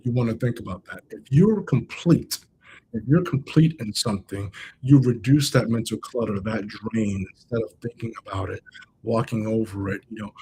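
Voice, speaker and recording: A man's voice: lowish voice, steady tone, fairly quick, a little mellow, a little hiss or hum, low-quality recording. A man coaching on a livestream. He talks casually, repeats and restates his points for emphasis, and addresses viewers in the chat directly. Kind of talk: livestream motivational talk.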